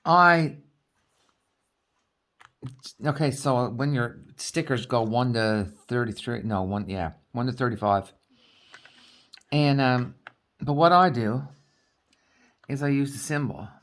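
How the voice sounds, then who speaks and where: A woman's voice: extremely low pitch, slow, pauses often. Chatty woman with a Newfoundland accent. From Newfoundland, Canada. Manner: chatty, laughs often, talks to viewers. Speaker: crafting vlogger. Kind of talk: casual chat while crafting.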